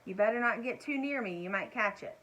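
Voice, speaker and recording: A woman voicing a tiny, polite mouse boy who talks in excited, earnest bursts, reading a storybook aloud. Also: fairly high pitch, brisk, poor audio. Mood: eager.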